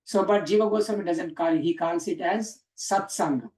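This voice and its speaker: A man's voice: high-pitched, moderate pace, darkish tone, recorded from a distance. A man teaching a class on Sanskrit grammar, explaining step by step and quizzing the students. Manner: explanatory, asks the class questions, frequent "uh" and "huh?". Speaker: teacher of scripture. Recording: echoey room, speaker away from mic.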